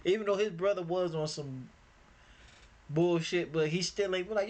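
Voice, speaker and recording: A man co-hosting a movie reaction chat, profane and quick to laugh and agree. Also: high voice, darkish tone.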